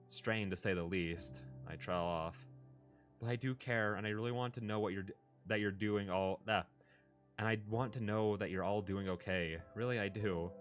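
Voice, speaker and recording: A man's voice: sits low, close to an everyday voice. A man reading a story aloud, voicing a young adult sister who speaks hesitantly and emotionally. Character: young adult woman, anxious, tearful sister.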